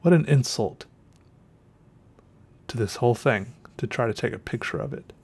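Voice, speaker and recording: A man's voice: mid-range voice, lively intonation, moderate pace, darkish tone, husky. A man hosting a podcast, telling a rambling story in a casual way, correcting himself often and a little out of breath. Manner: rambling, self-correcting, trails off with fillers. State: slightly out of breath. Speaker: podcast host.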